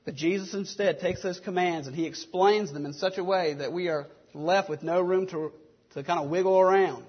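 A man's voice: high voice, normal speed, slightly rough, dull audio. A man preaching a sermon, earnest and driven by rhetorical questions. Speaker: pastor.

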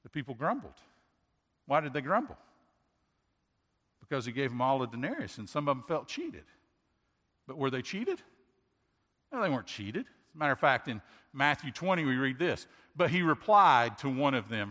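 A man's voice: mid-range voice, very animated, normal speed, fairly bright tone. A pastor giving a sermon in an earnest way, asking rhetorical questions and often restarting his sentences. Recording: long hall reverb.

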